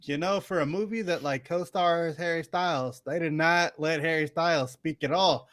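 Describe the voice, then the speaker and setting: A young man co-hosting a podcast and ranting casually with emphatic, profane opinions. His voice sits a little high. The recording is close and dry. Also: normal speed, dry recording. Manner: animated, swearing, emphatic. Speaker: podcast co-host. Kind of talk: casual chat.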